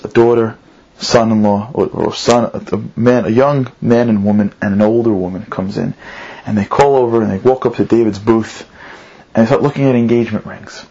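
A man preaching through an animated story, repeating phrases for emphasis. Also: on the low side, moderate pace, gravelly, breathy edge, lo-fi sound. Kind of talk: storytelling sermon.

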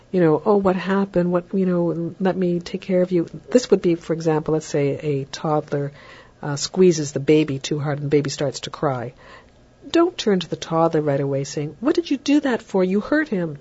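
A woman lectures on raising children in a relaxed, chatty way, now and then slipping into a sing-song voice to show what a parent might say. Her voice sits low and sounds mellow and a bit husky. The recording is dull and lo-fi. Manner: warm, chatty, acts out parent lines in a lilting higher voice. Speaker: parenting educator.

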